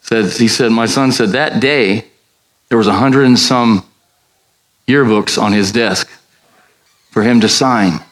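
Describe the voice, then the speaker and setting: An older man preaching as a pastor, telling a story and acting out the dialogue with sudden high jumps in his voice. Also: slow pace, pauses often, rough recording. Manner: animated, acts out dialogue with big pitch jumps. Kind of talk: sermon storytelling.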